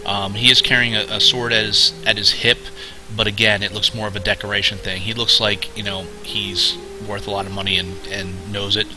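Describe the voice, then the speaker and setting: A man narrating a tabletop game as game master, halting with fillers and restarts. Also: fairly low pitch, little pitch movement, over music, rough recording.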